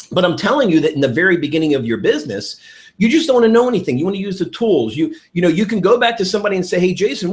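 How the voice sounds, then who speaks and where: A man giving a network marketing training talk, excitable and acting out phone calls with sudden bursts of shouting. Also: high voice. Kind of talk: animated sales training talk.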